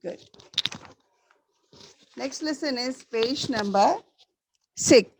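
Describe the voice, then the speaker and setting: A woman teaching a school class, slowly repeating the key words for her students. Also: on the high side, background noise. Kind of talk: classroom lesson.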